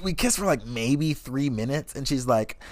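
Animated, swearing young man telling dating stories. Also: medium pitch, moderate pace, dry recording, studio quality. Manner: animated, swears constantly, laughs mid-story. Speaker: vlogger. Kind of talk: profane comedic storytelling rant.

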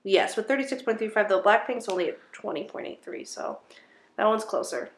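A woman's voice: medium pitch, lively intonation, fairly quick. A woman co-hosting a casual chat, reading out nominees and teasing her friend with a laugh. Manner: playful, laughs often, teasing. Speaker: co-host. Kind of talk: casual chat about music awards.

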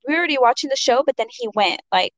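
A woman with a high voice races through a story in casual conversation, animated and rambling with lots of fillers as she acts out the quotes. There's no echo, and the audio is dull, dry, and lo-fi.

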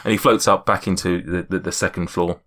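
A man's voice: deep voice, steady tone, brisk, a bit bright. A man narrating a tabletop game as game master, in a casual, hesitant way.

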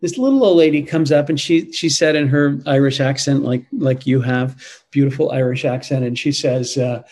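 A man's voice: medium pitch, normal speed, darkish tone, low-quality recording. A man speaks as an interview guest in a mid-range voice. He talks in long, earnest stretches and grows emphatic when he presses a point. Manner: earnest and emphatic, with frequent restarts. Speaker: interview guest, Catholic advocacy leader. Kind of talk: conversational interview answers.

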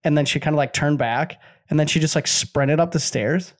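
A man's voice: a little high, a little fast. A young man in casual chat, rambling through a story with lots of fillers.

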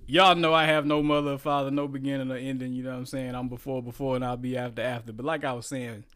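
A young man playing a weary, all-powerful God, speaking in a slow, quiet, world-weary drawl. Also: medium pitch, fairly even intonation, pitched below the performer's own voice, natural voice.

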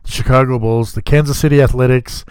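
A man's voice: medium pitch, fairly even intonation, fast talker, a little mellow, clear, resonant tone, no room sound. A man hosting a casual podcast, laid-back and joking, swearing freely as he talks. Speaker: podcast host. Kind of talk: casual chat.

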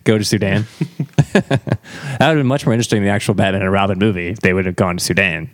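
A man's voice: deep voice, steady tone, very fast, no room sound, studio quality. A man hosting a comedy podcast, teasing a guest and laughing often. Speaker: podcast host. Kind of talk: comedic casual chat.

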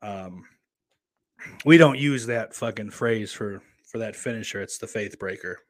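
Speaking a little slowly in a fairly low voice with no echo, a man hosts a casual livestream from his home. He reads out viewers' comments, rambles and doesn't hold back on swearing.

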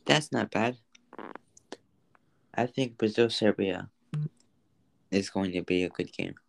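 Brief: young male co-host, low gravelly voice, matter-of-fact sports talk, dry close mic. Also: takes it slowly, no echo, rough recording. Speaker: podcast co-host. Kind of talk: casual sports chat.

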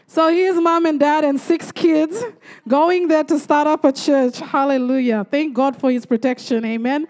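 A woman from the Torres Strait, Australia, speaks in a high voice at a moderate pace. She's a church speaker giving her testimony, telling it as a lively story sprinkled with frequent praise interjections.

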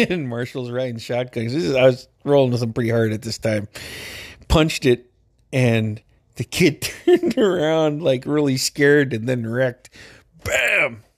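A man's voice: mid-range voice, expressive, a little slow. A man from Alaska telling funny stories in a casual way, swearing constantly and laughing often. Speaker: storyteller. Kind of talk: casual storytelling.

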